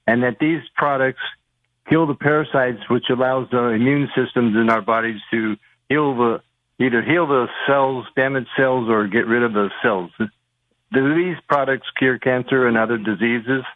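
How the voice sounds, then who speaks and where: A man's voice: medium pitch, normal speed. A man calling in to a radio show, asking a question politely and hesitantly. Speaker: caller. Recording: tinny phone line.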